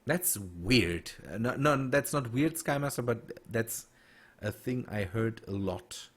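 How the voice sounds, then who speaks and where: Slow, halting male game streamer. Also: mid-range voice, lively intonation, a bit bright. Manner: halting, many restarts and fillers while reading chat. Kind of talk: casual gameplay stream chat.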